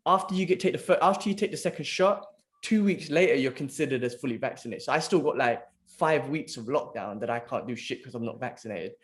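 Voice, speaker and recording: A man's voice: medium pitch, quick pace. A man on a podcast, talking casually with a friend. He tells his stories with animation and swears without a second thought, dropping "bro" every few lines. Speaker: podcast co-host. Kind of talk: casual chat.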